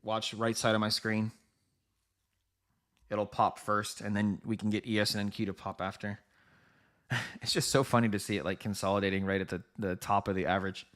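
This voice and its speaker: Man, fairly low voice, casual live market commentary, chatty, laughing often, talking straight to viewers. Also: flat delivery, normal speed, pauses often, fairly bright tone. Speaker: trading livestream host.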